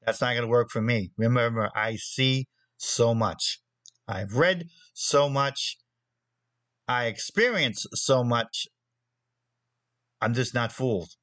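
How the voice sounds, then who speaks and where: A man's voice: mid-range voice, takes it slowly, long pauses, fairly bright tone, no room sound, poor audio. Guy ranting on his show, blunt and punchy, repeats himself for emphasis, dry close sound. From New Jersey. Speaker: magazine editor. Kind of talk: opinion monologue on a show.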